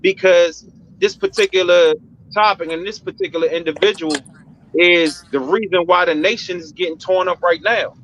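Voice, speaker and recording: A man's voice: high-pitched, moderate pace, a bit bright, a little hiss or hum. Earnest man on a dull call line. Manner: earnest and defensive. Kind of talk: heated panel discussion.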